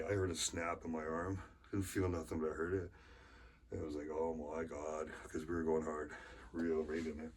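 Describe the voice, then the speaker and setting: Very low-pitched man, sniffling with a cold, casual workout vlog, faint background noise. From Canada. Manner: rambling, chatty, swears casually, sighs between sets. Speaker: arm wrestler vlogger. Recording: far from the mic with faint ambient noise.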